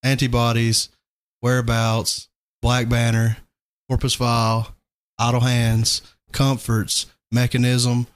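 A young man co-hosting a podcast in casual chat, easygoing, laughing often and quick to agree. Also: medium pitch, completely flat delivery, clean tone, dry recording. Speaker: podcast co-host and band member.

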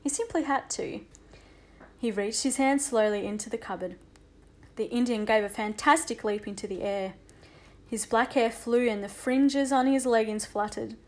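A woman narrating a children's audiobook with a lively, expressive reading. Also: a little high, moderate pace.

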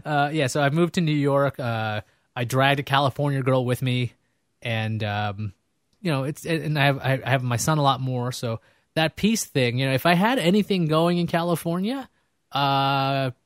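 A man's voice: mid-range voice, normal speed, no echo, studio quality. Joking man hosting a casual interview. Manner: joking, rambling with fillers. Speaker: host.

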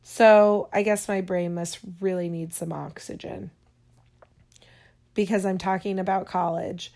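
A woman giving casual, rambling advice to her viewers, pausing often and yawning between points. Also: lowish voice, fairly even intonation, creaky, darkish tone. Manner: chatty, digressive, yawning often.

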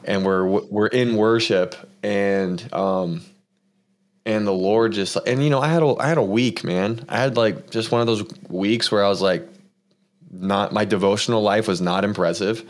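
A man's voice: lowish voice, normal speed. A man hosting a casual faith-focused conversation, telling a long personal story in an earnest, rambling way with lots of fillers. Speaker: podcast host.

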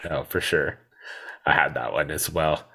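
Very deep-voiced man chatting casually. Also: measured pace, bright, forceful tone, husky. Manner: hesitant, many filler words. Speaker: podcast co-host. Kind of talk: casual chat about a movie.

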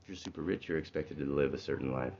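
A man with an extremely deep voice tells a story in a casual, conversational monologue. He keeps checking in with his listeners as he goes. The recording is dull and lo-fi, with faint noise underneath. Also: fast talker, a little mellow.

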